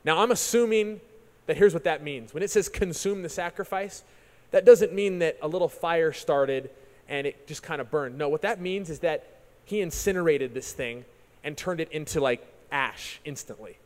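A man preaching, retelling a story in an animated sermon style and often repeating words as he restarts. His voice sits high for a man. A long reverb trails behind him, as in a large church hall. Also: normal speed.

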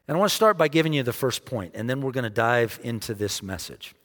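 A man preaching a sermon, dramatic, dropping almost to a hush to stress a point. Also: mid-range voice, lively intonation, fast, hardly any pauses. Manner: dramatic, drops to a near hush for emphasis. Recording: long hall reverb.

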